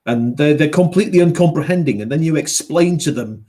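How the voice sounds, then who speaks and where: A man's voice: fairly high pitch, expressive, warm tone. Man explaining things at an easy pace. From Yorkshire, England. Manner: measured, explanatory, hesitant with fillers. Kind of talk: casual chat.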